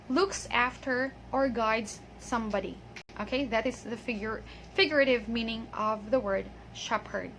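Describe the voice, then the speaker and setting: Bright high-voiced woman teaching pronunciation. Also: a little hiss or hum. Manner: patient, drawn-out model words and frequent "okay". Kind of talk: online pronunciation lesson.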